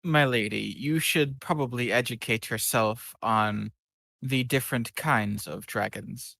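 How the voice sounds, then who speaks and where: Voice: mid-range voice, a little slow, creaky, fairly bright tone, no echo, clean studio sound. A player voicing a silver dragon adventurer in a tabletop game, lecturing with amusement.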